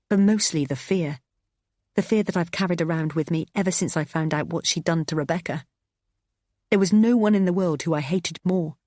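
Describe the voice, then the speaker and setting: A woman reading a first-person thriller audiobook, tense and expressive. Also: on the low side, no echo, clean studio sound. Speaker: audiobook narrator.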